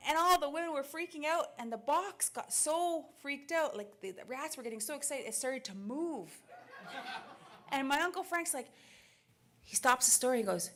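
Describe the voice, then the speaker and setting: A woman giving a talk, telling a lively family story with quoted voices and frequent laughter. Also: high-pitched, normal speed. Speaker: speaker.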